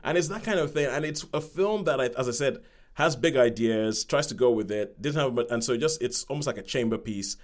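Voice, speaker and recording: A man's voice: medium pitch, animated, a little fast. Man giving a rambling film review. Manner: rambling, repeats words, acts out quoted lines. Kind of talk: casual spoken film review.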